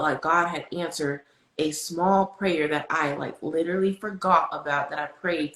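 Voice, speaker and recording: Woman on a podcast, kinda low voice, gets really animated telling stories. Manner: animated, storytelling, swings high when excited. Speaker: podcast guest speaker. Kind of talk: casual faith chat. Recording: echoey room.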